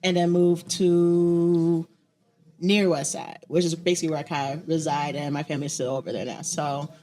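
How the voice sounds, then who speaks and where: Lively laughing young woman, lowish voice. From Chicago. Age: young adult. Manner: lively, laughing, quick asides. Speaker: guest, poet and open mic host. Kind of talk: casual interview chat.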